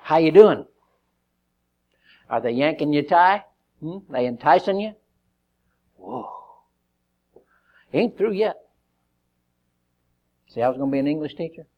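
Lively male preacher who acts out scripture and jokes, with a higher pitch and a swinging delivery. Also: unhurried, pauses often, highs cut off. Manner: lively, joking, acts out quotes. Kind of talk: sermon.

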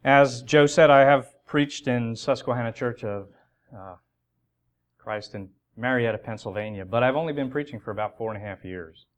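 A man's voice: mid-range voice, moderate pace. A man preaching a sermon as a guest speaker, talking conversationally with many fillers and restarts, and rising with enthusiasm at his main points.

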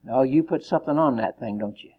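A man's voice: mid-range voice, fast talker, narrow, tinny audio. A male preacher giving a sermon, joking with the congregation and acting out the verses he reads. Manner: lively, joking, acts out quotes.

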